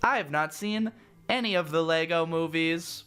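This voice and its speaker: A man's voice: fairly high pitch, normal speed, clear, resonant tone. A man reading a fan fiction about himself aloud, stopping often to mock it with sarcastic asides. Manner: sarcastic, animated. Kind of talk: dramatic reading with sarcastic commentary.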